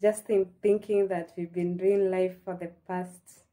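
Mellow-voiced Kenyan woman vlogging. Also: on the low side, level tone, a little slow. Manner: chatty and heartfelt, mixing in Swahili phrases. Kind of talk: casual chat to camera.

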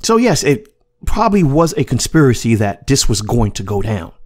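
Emphatic man with a lively voice. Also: medium pitch, moderate pace. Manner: emphatic, repetitive, profane. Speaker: podcast host. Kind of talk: casual commentary monologue.

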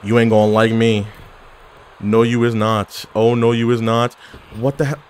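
A man giving casual, animated commentary while playing an online wrestling game, yelling at his opponent and cracking jokes. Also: medium pitch, moderate pace, a little hiss or hum. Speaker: gaming YouTuber.

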